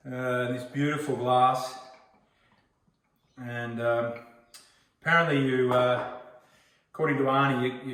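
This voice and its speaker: A man's voice: mid-range voice, a bit bright, slight background noise. A man in his forties with an Australian accent, chatting casually as he hosts a home cooking video and tells rambling stories. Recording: roomy echo, mic far off.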